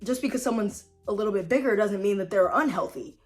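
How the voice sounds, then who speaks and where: A woman's voice: medium pitch, fast talker, faint music behind. A young woman vlogging, ranting casually to camera with lots of fillers, sassy asides and frequent laughs. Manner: chatty, filler-heavy, sassy, laughs often. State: tired late-night voice-over. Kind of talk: casual opinion rant to camera.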